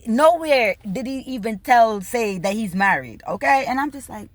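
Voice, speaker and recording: A woman telling a story in a casual rant, animated and bubbly, swearing freely and acting out both sides of conversations, laughing now and then. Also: fairly high pitch, moderate pace, dry recording. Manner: bubbly, laughs between lines. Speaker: vlogger.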